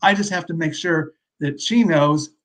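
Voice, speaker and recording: A man's voice: on the high side, normal speed. A man from the US West Coast, a literacy expert guest explaining his points in a casual, conversational panel discussion.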